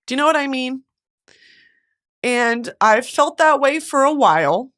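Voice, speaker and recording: A woman's voice: sits high, lively intonation, a little slow, a bit bright. A woman in her twenties hosting her podcast alone, talking earnestly and emotionally about being burnt out. She swears freely and fills her talk with "like". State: burnt out, close to tears. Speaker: podcast host. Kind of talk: candid solo podcast monologue.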